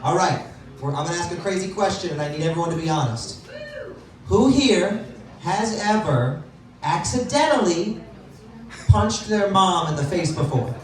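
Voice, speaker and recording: A man's voice: sits high, animated, moderate pace, heavy reverb, far from the mic, a crowd in the background, low-quality recording. A man doing a stand-up comedy set in a club, self-deprecating and laughing at his own jokes.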